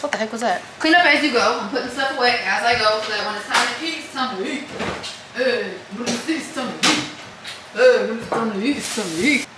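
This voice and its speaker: A woman's voice: mid-range voice, background noise. Young woman vlogger, chatty and casual, roomy kitchen with clinking dishes. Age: young adult. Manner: chatty, talks to herself and viewers. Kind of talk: casual vlog chatter while cooking. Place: home kitchen. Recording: echoey kitchen with clattering dishes. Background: cutlery and dish clatter.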